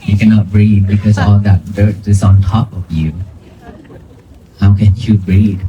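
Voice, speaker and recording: A man's voice: on the low side, flat delivery, dark tone, dull audio, slight background noise. A man, a Buddhist monk, giving a plain-spoken dharma talk to a crowd outdoors in a cemetery, in English. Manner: slow, plain-spoken, non-native phrasing.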